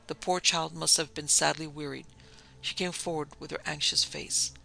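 A man narrating a gothic story in a measured, somber reading. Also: on the high side, level tone, gravelly, pushed and bright, poor audio.

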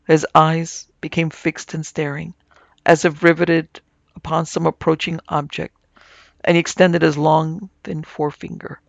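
A man narrating a ghost story for an audiobook in a measured, even-toned way. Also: fairly high pitch, gravelly, no echo, lo-fi sound. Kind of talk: scripted narration.

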